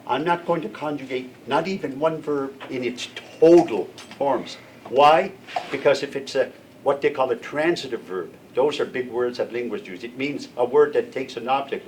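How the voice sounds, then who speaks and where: A patient older man teaches a language to a class of students, checking in with them in his mid-range voice. He's heard from a distance, with faint room noise in the background.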